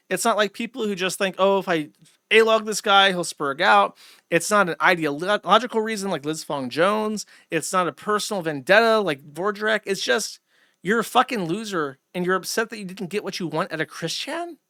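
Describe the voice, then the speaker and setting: A man's voice: a little high, bright, forceful tone, no echo, studio quality. A man hosting a livestream, reading out viewer donations and going off on profane, rambling rants. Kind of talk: casual livestream chat.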